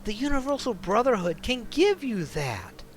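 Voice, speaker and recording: A man's voice: very high-pitched, big pitch swings, moderate pace, a little hiss or hum, pitched above the performer's own voice. A man voicing an earnest young man who pleads urgently with an ex-girlfriend. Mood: pleading.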